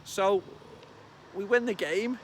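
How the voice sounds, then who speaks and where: Brief: high-voiced Scouse lad in his thirties, excitable and sweary, ranting about football outdoors. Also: takes it slowly, slight background noise. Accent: Liverpool. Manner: excitable, chatty, swears, loud bursts. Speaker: football fan vlogger. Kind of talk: casual match reaction vlog. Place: outdoors among trees.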